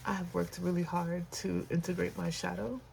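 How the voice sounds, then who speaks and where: An unscripted personal vlog with a host whose voice carries a gravelly, creaky edge at a middling pitch. The host talks candidly and reflectively, pausing often and leaning on fillers. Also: level tone, a little mellow, slight background noise.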